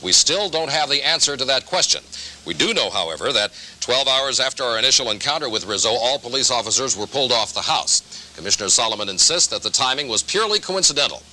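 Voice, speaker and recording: Brisk, bright-voiced TV news reporter. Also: male voice, medium pitch, sing-song, a little hiss or hum, rough recording. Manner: measured, indignant.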